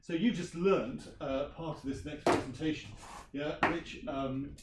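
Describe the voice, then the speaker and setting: A man's voice: a little high, steady tone, measured pace, very noisy. A man, a language teacher giving a chatty workshop presentation and quizzing his audience. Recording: roomy sound from a distant mic.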